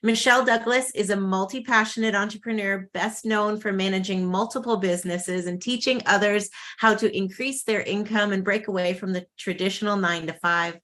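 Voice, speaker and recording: A woman's voice: medium pitch, steady tone, brisk, hardly any pauses, fairly bright tone. A woman hosting an online summit, thanking a speaker and introducing the next. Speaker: summit host. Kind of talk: hosting and reading a bio.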